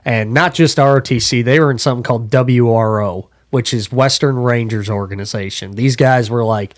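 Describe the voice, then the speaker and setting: A man's voice: medium pitch, moderate pace. A young man, a podcast guest, telling wild stories from his younger days in a loose, profane way. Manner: profane, animated storyteller. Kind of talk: casual storytelling.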